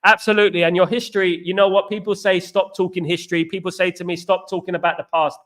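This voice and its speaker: A man from East hosts a fan stream, talking in an animated, rambling way. He is middle-aged, and his voice sits high and sounds bright. He tells stories and answers comments with lots of repetition. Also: fast talker. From East London, England. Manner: animated, repetitive, chatty storyteller. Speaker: fan channel host. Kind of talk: live-stream fan chat reading comments.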